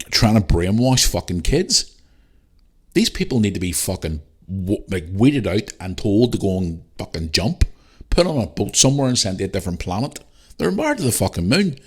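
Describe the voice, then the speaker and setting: A middle-aged man hosting a podcast, ranting bluntly and heatedly with lots of swearing. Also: low voice. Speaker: podcast host. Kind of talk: casual ranting monologue.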